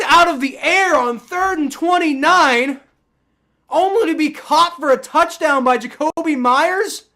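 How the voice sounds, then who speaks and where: High, bright-voiced man ranting at refs. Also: a little slow. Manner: excitable, swearing, shouting in outrage at refs. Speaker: livestream football reaction host. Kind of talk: live sports reaction commentary.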